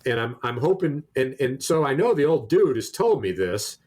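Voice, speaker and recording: A man's voice: mid-range voice, big pitch swings, normal speed, a little mellow. A man co-hosting a podcast, telling a long anecdote in casual chat with many restarts. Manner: rambling anecdote with many restarts, acts out quoted exchanges. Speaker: podcast co-host.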